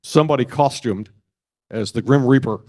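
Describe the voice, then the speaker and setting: An older man and broadcast journalist telling stories at a press club event, halting often and restarting his sentences. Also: mid-range voice, a little mellow. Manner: halting, with many restarts and fillers.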